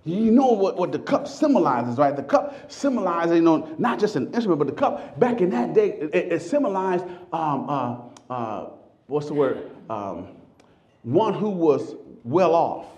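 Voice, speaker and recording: A man preaching a sermon, stumbling over repeated words, then shouting and stretching out scripture lines. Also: fairly high pitch, a little slow, muffled recording. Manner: animated, shouting scripture with repetitions.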